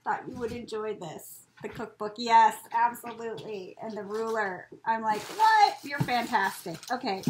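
Higher-voiced lady vlogger opening mail, laughing and gushing a lot, a little hiss behind her. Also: little pitch movement, moderate pace, hardly any pauses, darkish tone, rough recording. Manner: gushing, giggly, exclaims often. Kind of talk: casual unboxing chat.

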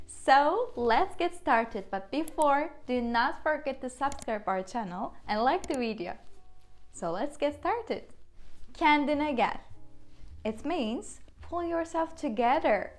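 A young woman with a Turkish accent, a native Turkish speaker, chattily teaching common phrases with examples. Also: a little high. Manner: chatty and upbeat, explains with examples. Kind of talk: casual video lesson.

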